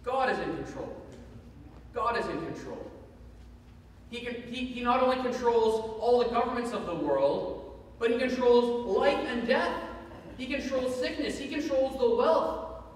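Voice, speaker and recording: A man's voice: extremely high pitch, animated, a little slow, long pauses. A man preaching a sermon, earnest and emphatic, repeating his main point. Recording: echoey hall from far off.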